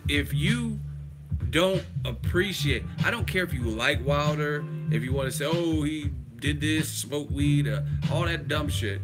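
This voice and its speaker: A man from the United States hosting a live stream, ranting emphatically with profanity and rhetorical questions. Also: medium pitch. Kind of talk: casual live-stream commentary.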